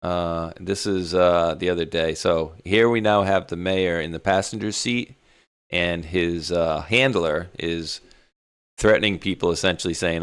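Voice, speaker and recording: A man's voice: low voice, steady tone, normal speed, clean tone, dry recording, studio quality. A man co-hosting an online talk show in a laid-back, rambling, mocking way. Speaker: co-host. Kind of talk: casual chat.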